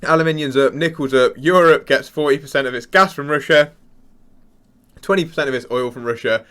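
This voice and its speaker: A young man hosting a crypto channel, talking casually and excitedly to viewers, rambling and stumbling as he searches for words. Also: fairly high pitch, fairly quick. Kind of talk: casual excited commentary to camera.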